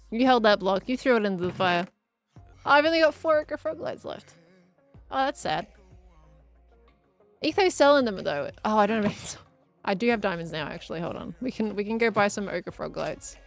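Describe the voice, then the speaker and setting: A woman's voice: on the high side, fairly bright tone. A woman with an Australian accent, chatting casually on a live stream as she builds and answers viewers. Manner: chatty, reads out chat messages and reacts to viewers.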